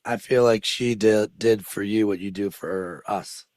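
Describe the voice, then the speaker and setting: A man's voice: on the low side, fairly even intonation, measured pace, darkish tone, dry recording. A man hosting an interview podcast, asking rambling questions with a casual, chatty manner and frequent laughter. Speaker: podcast host.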